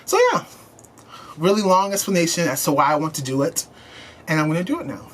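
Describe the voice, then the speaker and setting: A young man hosts his own vlog, talking to camera in a chatty, earnest way and using lots of fillers. His voice is a little high and a little fast, with a noisy background.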